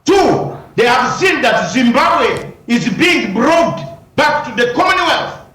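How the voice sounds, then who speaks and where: A man's voice: very high voice, big pitch swings, slow, bright, forceful tone, reverberant, raised voice, rough recording. A man, a lawyer, arguing combatively in a heated news interview, firing rhetorical questions and raising his voice at times.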